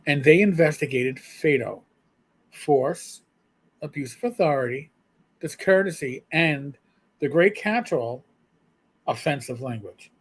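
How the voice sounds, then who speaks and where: A man's voice: fairly high pitch, expressive, unhurried, pauses often, husky. Blunt rambling ex-cop man. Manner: rambling, frequent fillers and restarts, blunt profanity. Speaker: retired police sergeant, guest. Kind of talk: casual storytelling chat.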